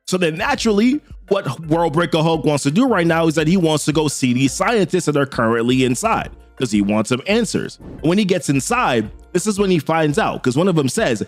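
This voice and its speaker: Man, comic recap host, slangy, excited, lively higher voice, dry sound, faint music. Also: fairly quick, few pauses, dry recording. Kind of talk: casual comic recap narration.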